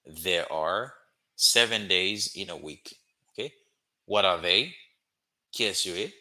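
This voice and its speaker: A man teaching a language lesson, drilling phrases slowly with many "okay?" check-ins. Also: sits low, expressive, pushed and bright. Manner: slow, repetitive drilling with frequent "okay?" checks. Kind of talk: classroom-style language lesson.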